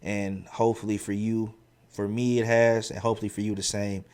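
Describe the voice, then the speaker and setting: A man hosting his own podcast and telling stories from his school years in a slangy, animated, casual way, with many restarts. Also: lowish voice, a little fast, clear, resonant tone. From central Ohio. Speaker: podcast host. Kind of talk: casual storytelling monologue.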